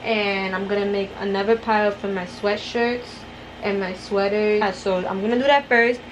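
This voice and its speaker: Young woman, casual vlog chat, rambling, talks to viewers, mid pitch, faint background noise. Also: fairly even intonation, normal speed. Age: young adult. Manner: chatty and rambling, addresses viewers as y'all. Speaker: vlogger.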